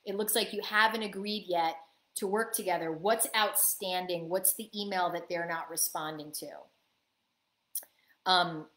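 A woman's voice: fairly low pitch, steady tone, unhurried, fairly bright tone, echoey room. A woman business coach giving a live online coaching talk, answering chat questions and acting out little quoted exchanges.

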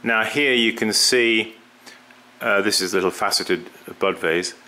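A man's voice: lowish voice, pushed and bright. A middle-aged man talking casually through a pottery glazing demonstration, often stopping and repeating words as he works. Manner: halting, repeats words, talks while working.

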